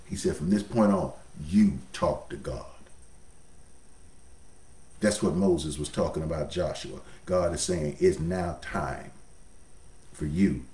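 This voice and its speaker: A man's voice: very deep voice, darkish tone, reverberant, far from the mic. A man preaching a sermon as pastor, folksy, his voice swelling up and dropping down.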